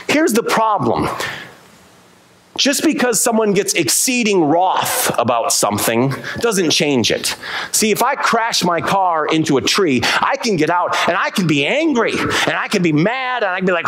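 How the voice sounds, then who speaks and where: A man preaching a sermon as pastor in a church, lively and emphatic, slowing down to stress key words. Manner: animated preaching with sweeping pitch, slowing for emphasis. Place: church sanctuary.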